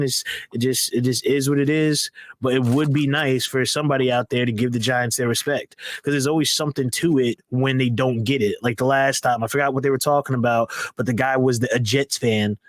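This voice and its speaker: A man co-hosting a casual podcast, talking things through in a measured, conversational way. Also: medium pitch, fairly even intonation, no room sound, studio quality. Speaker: podcast co-host. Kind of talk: casual chat.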